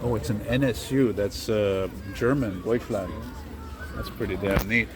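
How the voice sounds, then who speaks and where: This walking vlog features a male host with a lowish voice talking a little slowly over music. He wanders city streets at night filming on a handheld camera, rambling and chatting in an easily amused way, with a noisy outdoor street around him.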